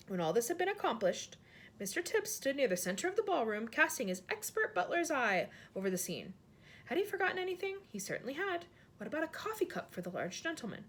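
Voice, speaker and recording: A woman reading a children's book aloud in an expressive, animated way. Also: on the high side, quick pace, slightly rough. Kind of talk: storybook read-aloud.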